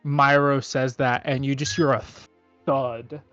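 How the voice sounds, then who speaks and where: A man narrating a tabletop game as game master, halting with many fillers. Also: mid-range voice, level tone, fairly bright tone, smooth, no echo, dull audio, faint music behind. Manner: halting, full of "um" and "like".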